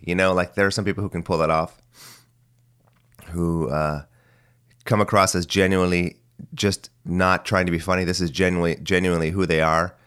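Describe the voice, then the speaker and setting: Phlegmy deep-voiced man in his forties. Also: fairly bright tone, smooth. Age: 40s. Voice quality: phlegmy voice that cracks. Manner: rambling, musing, mildly profane. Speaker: podcast host. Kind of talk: casual solo monologue.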